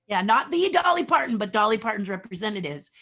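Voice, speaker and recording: A middle-aged woman guest telling career stories, acting out each person in a conversation. Her pitch swings widely as she plays out the dialogue. She sounds expressive and energetic throughout. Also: fast talker, gravelly. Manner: animated storyteller acting out dialogue. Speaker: podcast guest. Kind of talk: storytelling interview.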